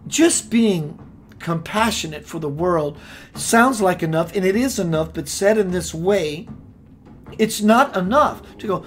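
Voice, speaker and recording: A man hosting a spiritual radio show, preaching with playful rhymes and sudden swings between loud and hushed. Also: sits high, lively intonation, a little slow, soft background music. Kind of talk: impassioned spiritual talk.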